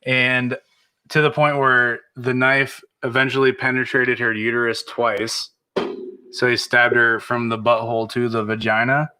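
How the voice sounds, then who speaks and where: A young man with a bright, tense-edged voice at a middle pitch. He jokes crudely and works through a story from his notes in easy, casual talk. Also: flat delivery, a little slow, clean tone. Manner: joking, profane, storytelling from notes. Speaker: podcast co-host.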